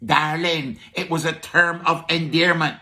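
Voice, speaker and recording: A man's voice: on the high side, fairly even intonation, measured pace, bright, forceful tone. A man with a Barbadian accent presenting a comedic radio word-history segment as a market vendor, playful and teasing with frequent "huh?" asides.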